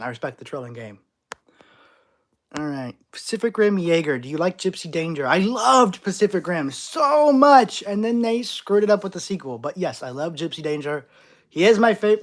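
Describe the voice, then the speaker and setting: Guy doing a livestream q&a, lively bouncy pitch, goofy overreacting to chat. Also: normal speed. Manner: playful, reacting to chat, jokey overreactions. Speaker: channel host. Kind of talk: live stream Q&A reading chat.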